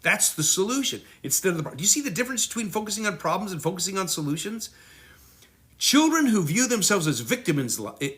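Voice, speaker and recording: A middle-aged man giving a parenting lesson, acting out children and parents in quick voices. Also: high-pitched, bright, forceful tone. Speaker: parenting teacher. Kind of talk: teaching talk.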